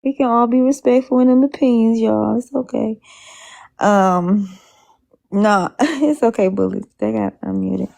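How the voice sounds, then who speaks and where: A woman hosting a casual live stream, talking in a loose, rambling way. Her voice sits a little high, and she keeps the chat easygoing. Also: measured pace, gravelly, dark tone. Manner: chatty, rambling, with frequent laughs.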